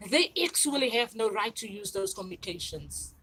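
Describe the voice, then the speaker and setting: A woman's voice: mid-range voice, lively intonation, normal speed, fairly bright tone, husky, rough recording. Rambling woman in her forties. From South Africa. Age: 40s. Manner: rambling, repetitive and insistent. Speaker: channel host. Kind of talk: livestream monologue.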